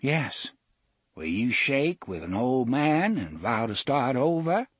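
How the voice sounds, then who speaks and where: A man's voice: medium pitch, very animated, takes it slowly, husky, dry recording, exaggerated voice. A man doing a reedy, quavering old gunman. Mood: cool. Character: thin-smiling old male gunman.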